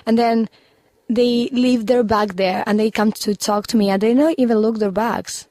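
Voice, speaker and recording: A woman's voice: on the high side, steady tone, normal speed, warm tone, dry recording. Brief: young Chilean woman, native Spanish speaker, talks in English with a slightly raised voice and a dry, close sound. Chatty, full of fillers. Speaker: musician guest. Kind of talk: casual interview chat.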